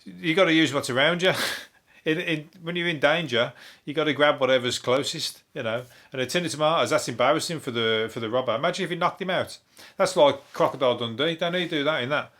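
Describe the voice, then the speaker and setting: A Brummie comedian hosts a solo podcast, riffing on news stories in a dry, deadpan way. He rambles, swears freely and loses his thread. His voice sounds a little hoarse and worn. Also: on the high side, quick pace. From Birmingham, England. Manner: deadpan, rambling, sweary, laughs at own jokes. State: voice going hoarse.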